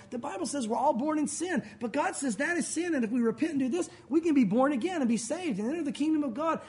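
Male pastor preaching, conversational delivery with a lively, swinging pitch. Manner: conversational preaching, acts out quoted voices. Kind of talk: sermon.

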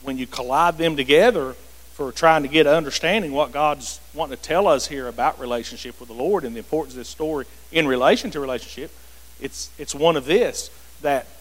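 Man, pastor leading a Bible study, high voice, emphatic preaching style, long hall reverb. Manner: emphatic and repetitive, addresses listeners by name. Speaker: pastor leading a group discussion.

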